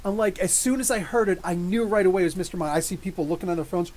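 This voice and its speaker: Male streamer, slightly higher voice, excitable and rambling, many restarts, live review chat. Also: rapid-fire. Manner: reads and answers live chat comments. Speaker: YouTube comics channel host.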